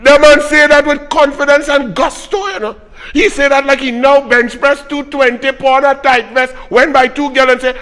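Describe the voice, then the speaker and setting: Fiery high-voiced Trinidadian man ranting. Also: level tone, moderate pace, a bit bright, in a large hall. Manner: fiery, mocking, repetitive hammering of points. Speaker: political commentary host. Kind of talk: political commentary rant.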